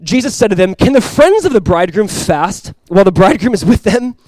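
A young pastor talks through his sermon quickly and conversationally, his slightly high voice sprinkled with "like." He shifts between soft, heartfelt moments and loud, energetic ones, captured in a dry recording close to the microphone.

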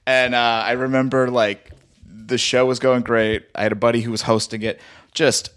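A man's voice: medium pitch, moderate pace, clear, resonant tone. A male comedian chatting casually and telling a story, acting out the voices of the people in it. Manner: animated, acts out quoted voices.

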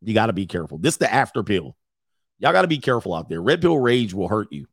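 Brash mocking man, lively pitch. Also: fast talker, slightly rough, no room sound, clean studio sound. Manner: brash, mocking, laughs between points. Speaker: podcast host. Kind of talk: casual livestream commentary.

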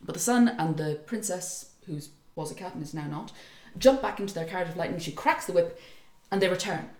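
Animated woman telling a folk tale. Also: on the low side, fairly quick, roomy sound. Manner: animated, acts out voices, laughs often. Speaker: podcast co-host retelling a folk tale. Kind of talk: casual storytelling.

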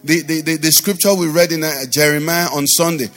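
A man's voice: fairly high pitch, fairly even intonation, brisk, fairly bright tone, long reverb tail, soft background music. A male pastor preaching and leading prayer, with rhythmic repetition and rising fervent declarations. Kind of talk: sermon with prayer over music.

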